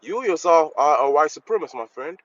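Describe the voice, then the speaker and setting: A man calling into a show, arguing in a halting, stammering way and formally calling the host "sir". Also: fairly high pitch, lively intonation, no room sound. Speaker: caller. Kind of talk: heated call-in argument. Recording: dull call-in line with faint noise.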